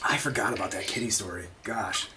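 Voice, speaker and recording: A podcast host chats casually, rambling through stories with lots of swearing and laughter. His voice is fairly low and fairly quick, and the recording is very noisy.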